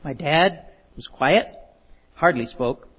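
A man's voice: fairly high pitch, lively intonation, takes it slowly, breathy edge. A man giving a talk in a folksy, storytelling way, with chuckles and self-deprecating, rambling asides. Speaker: speaker giving a talk on love. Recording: dull lo-fi recording.

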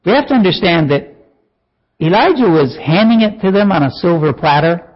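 Animated preacher with a high, lively voice. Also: male voice, moderate pace, dull audio. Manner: animated, mocking asides with chuckles. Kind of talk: sermon.

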